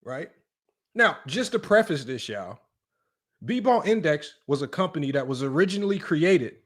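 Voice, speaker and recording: Speaking in a slightly high, sing-song voice at a normal pace, this sports channel host runs a livestream talk show. He pushes his argument hard, repeating himself and sprinkling in "y'all" and "right?"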